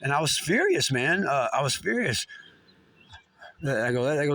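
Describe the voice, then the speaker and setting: A man's voice: a little high, very animated, unhurried, pauses often, bright, forceful tone. A man ranting in a casual monologue, rambling and agitated, with plenty of swearing.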